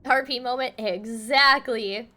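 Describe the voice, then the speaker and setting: Young female streamer, high and bright-toned, chatty and excitable over gameplay. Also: slow, soft background music. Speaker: game streamer. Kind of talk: casual live-stream chat.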